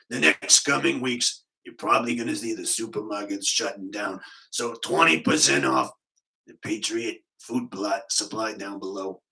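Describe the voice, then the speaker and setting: A man doing a comic impression of a rambling male conspiracy vlogger with a Boston accent, deadpan and digressive. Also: mid-range voice, creaky, poor audio.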